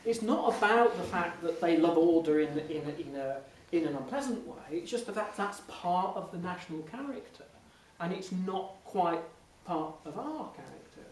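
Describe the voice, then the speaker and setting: A man, an impressionist, telling lively anecdotes to an audience in a Q&A, often restarting mid-sentence. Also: high voice, normal speed, few pauses. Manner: animated, lively storytelling with frequent restarts and laughs. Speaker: impressionist speaking as guest. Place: large hall before an audience. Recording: echoey hall, mic from a distance, faint noise.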